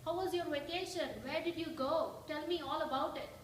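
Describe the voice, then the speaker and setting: Woman voicing a curious little male frog, eager, full of questions, high voice, roomy distant sound. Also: brisk, slight background noise, lightly acted. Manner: excited, asks question after question. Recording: roomy hall, distant mic.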